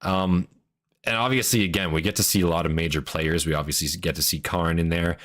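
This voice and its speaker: Man, deep voice, casual reaction commentary, rambling, excitable, profane. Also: fairly quick. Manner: excitable, swears freely, rambling with restarts. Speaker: reaction streamer.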